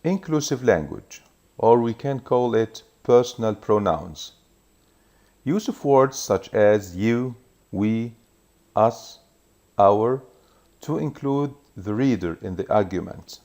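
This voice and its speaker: A man teaching a recorded revision lesson, explaining each point in a measured way and reading examples aloud. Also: on the low side, expressive, mellow.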